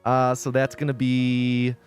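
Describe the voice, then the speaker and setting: A man's voice: medium pitch, monotone, measured pace, clear, resonant tone, faint music behind. A male streamer in casual livestream chat, rambling and insistent, repeating himself as he makes his points.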